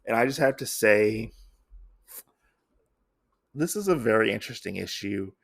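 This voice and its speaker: A man's voice: on the low side, expressive, measured pace, vocal fry. A man hosting a comic podcast, recapping an issue in a rambling, casual way full of fillers.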